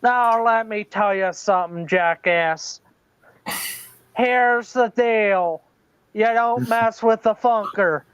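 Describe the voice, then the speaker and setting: A man doing a gruff trash-talking old wrestler. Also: sits high, slow, fairly bright tone, dry recording, highs cut off. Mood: threatening. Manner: menacing trash talk. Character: gruff tough-talking veteran male wrestler.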